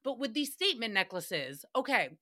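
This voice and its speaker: A woman's voice: fairly high pitch, very animated, moderate pace, pushed and bright. A young woman hosting a podcast, ranting in a casual, profane and gossipy way. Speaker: podcast host. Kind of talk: casual recap rant.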